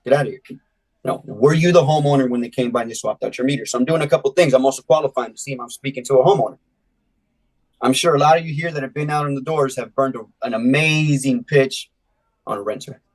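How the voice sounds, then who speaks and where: A man from California giving live sales training, coaching in an energetic way and acting out door-to-door conversations. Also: mid-range voice, fast, low-quality recording.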